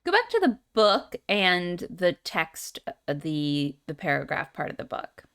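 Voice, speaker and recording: A woman chatting casually while playing a puzzle game, wry and quick to laugh. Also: lowish voice, wildly swooping pitch, fairly bright tone, smooth. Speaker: game player.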